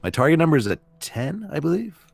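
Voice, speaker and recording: A man's voice: a little high, very animated, fast talker, gravelly, faint music behind. A man playing a tabletop game, easygoing and thinking aloud. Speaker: player. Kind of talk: casual game play chat.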